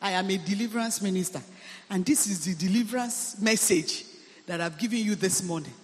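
A man preaches with a high voice. He drives his points home with emphatic repetition and frequent hallelujahs. A long hall reverb trails behind his sermon. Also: brisk. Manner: emphatic, repeats phrases, calls hallelujah. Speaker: preacher, deliverance minister.

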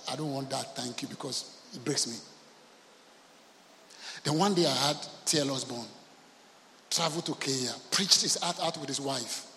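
A pastor with a high-pitched voice preaches a sermon in a big, echoing church hall. He tells stories and acts out the voices in them, dropping to soft, intimate lines and then rising to loud shouts. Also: a little hiss or hum. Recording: long hall reverb.

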